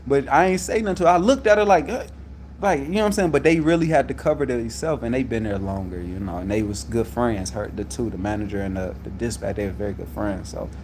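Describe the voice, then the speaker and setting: A man telling a story about a workplace conflict, getting loud when he acts out what was said. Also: mid-range voice, quick pace, a little hiss or hum. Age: adult. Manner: animated, loud when reenacting quotes. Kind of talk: casual storytelling to viewers.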